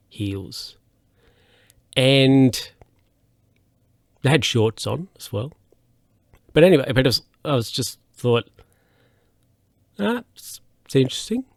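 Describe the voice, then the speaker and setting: A man with a lowish voice hosts a solo podcast, telling stories in a rambling, hesitant way with many fillers and restarts. The studio-quality recording has no echo.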